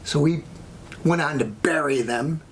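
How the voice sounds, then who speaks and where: An American man hosting his own show rambles through a long, blunt story with plenty of tangents, offering an opinionated monologue. He speaks at a measured pace in a slightly high voice, with a little hiss or hum present.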